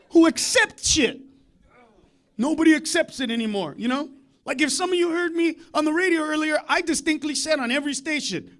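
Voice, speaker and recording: A man doing live stand-up comedy, ranting loudly and brashly with lots of profanity. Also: very high-pitched, animated, brisk.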